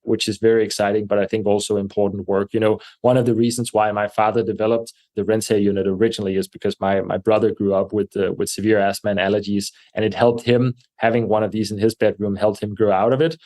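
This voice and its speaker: A man speaking as a podcast guest, measured and thoughtful, with frequent fillers and restarts. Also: lowish voice, little pitch movement, mellow. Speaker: guest, air purification company representative. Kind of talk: podcast interview answers. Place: New York.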